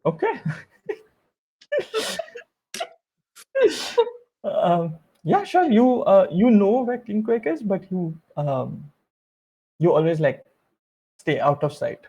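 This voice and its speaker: A game master casually narrating a tabletop scene, pausing often with fillers. The voice is gravelly with vocal fry and has a husky, breathy texture. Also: medium pitch, sing-song, dark tone, rough recording. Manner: casual, halting, many fillers.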